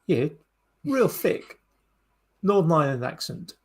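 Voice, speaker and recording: A man's voice: fairly high pitch, big pitch swings, a little slow, a little mellow. A man co-hosting a podcast, chatting casually and rambling with many restarts and fillers. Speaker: podcast co-host. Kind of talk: casual chat.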